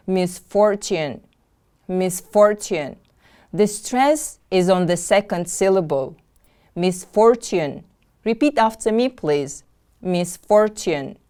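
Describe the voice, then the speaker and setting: A woman's voice: lowish voice, a little mellow, clear, resonant tone. A woman teaching an English lesson, patiently drilling vocabulary and repeating each word twice. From Kyrgyzstan. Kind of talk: slow, clearly enunciated classroom lesson.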